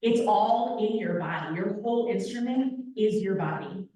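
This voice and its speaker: A young woman speaks to a live audience, animated and playful, teasing the crowd as she talks. Her voice rings through a very echoey hall and sounds a little distant from the mic. Her pitch sits in an ordinary middle range for a woman. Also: normal speed. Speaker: guest speaker, opera company vice president. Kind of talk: lively public talk to an audience. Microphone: handheld microphone.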